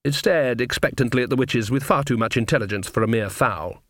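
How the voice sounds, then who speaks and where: A male audiobook narrator with a wry, understated delivery and a middling pitch. The recording is close and dead dry, with no room sound. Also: brisk, few pauses, a bit bright, dry recording.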